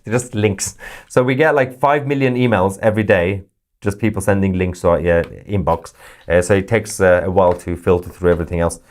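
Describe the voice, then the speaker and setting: A man hosting a live news stream, reading chat messages with sarcastic jokes and sudden high-pitched mock voices. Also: fairly even intonation, a little fast, a little mellow. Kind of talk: casual live-chat commentary.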